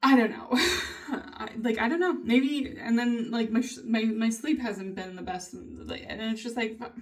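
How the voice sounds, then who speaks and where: A woman with a fairly high voice chats to her viewers in a candid diary style, swearing often and slipping into laughs as she vents. She sits a little back from the microphone, so the sound is slightly distant. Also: moderate pace. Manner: candid, frequent swearing, venting with bursts of laughter. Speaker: vlogger. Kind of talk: casual diary-style chat.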